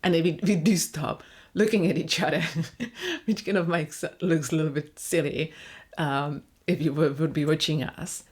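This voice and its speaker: Lowish-voiced woman vlogging about parenting. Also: moderate pace, a little mellow, breathy edge. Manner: reflective, with frequent restarts and fillers. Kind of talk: casual talk to camera.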